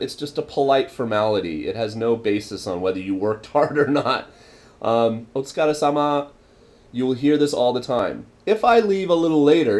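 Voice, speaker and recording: A man's voice: mid-range voice, darkish tone. A young man in a casual vlog, explaining everyday phrases with many ums and repeating each phrase for practice. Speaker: vlogger teaching Japanese phrases.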